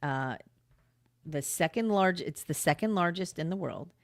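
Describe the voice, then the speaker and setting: A woman co-hosting a podcast, chatty and upbeat, laughing easily between plugs and banter. Her voice sits low for a woman, and the sound is close and dry. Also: lively intonation, unhurried, no room sound. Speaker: podcast co-host. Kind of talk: casual chat.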